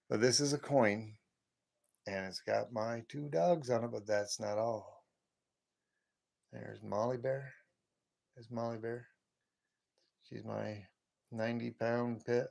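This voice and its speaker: Middle-aged male stream host, low folksy voice, relaxed chatter to viewers. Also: gravelly. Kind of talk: casual live stream chat.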